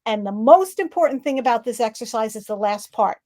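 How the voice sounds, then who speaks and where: A woman's voice: on the high side, lively intonation, fairly quick, darkish tone. A woman giving an online presentation on laughter and leading laughter exercises, talking upbeat over a video call. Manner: upbeat, demonstrates rhythmic ho ha he laughter sounds.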